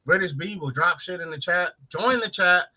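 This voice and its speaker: A man's voice: sits high, normal speed, bright, forceful tone, highs cut off. A man co-hosting a casual late-night live stream, joking, swearing and calling out chat viewers by name.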